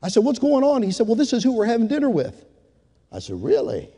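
A man's voice: very high-pitched, huge pitch swings, quick pace, warm tone, husky, in a large hall. A man preaching a sermon, telling a story and then rising into fervent exhortation to his congregation. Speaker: pastor.

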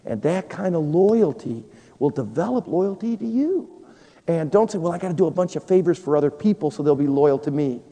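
A man preaching in a reverberant hall, with a very dark, mellow tone and a slightly raised pitch. He is earnest and methodical, counting off numbered points. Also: animated, fairly quick. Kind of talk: sermon. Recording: live chapel recording in a reverberant hall.

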